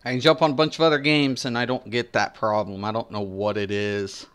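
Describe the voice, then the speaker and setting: A man's voice: lowish voice, flat delivery, fairly quick, a bit bright, smooth. A man giving casual, rambling gameplay commentary, swearing and complaining as he plays. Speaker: gaming streamer.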